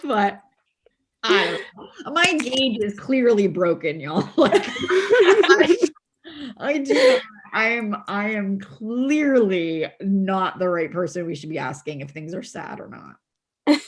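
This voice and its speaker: A woman author talking as a guest on a casual podcast, animated and quick to laugh, with many fillers and restarts. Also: mid-range voice.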